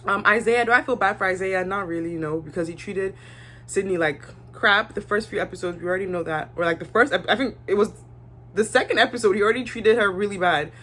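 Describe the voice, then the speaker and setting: A woman's voice: mid-range voice, fast, fairly bright tone, slight background noise. Young woman, casual and blunt, talks straight to camera with her own opinions. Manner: chatty, candid, acts out cast members' lines. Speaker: reality show reviewer.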